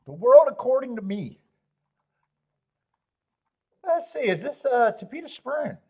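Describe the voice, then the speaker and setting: Husky, lively man chatting on a stream. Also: very high-pitched, a little slow. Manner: rambling, joking, greets chat viewers. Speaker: horse racing stream host. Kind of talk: casual live-stream chat.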